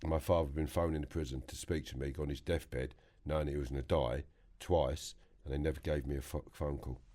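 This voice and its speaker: A middle-aged man with a London accent speaks in a very low voice. He tells blunt, plain-spoken stories as a podcast guest in a studio. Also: steady tone, a little fast, dark tone. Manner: blunt storytelling, mimics others. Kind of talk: casual chat.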